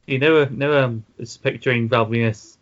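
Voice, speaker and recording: A man's voice: mid-range voice, steady tone, moderate pace, dull audio. A man co-hosting a casual wrestling podcast, recapping matches and dropping dry, wry remarks. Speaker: podcast co-host.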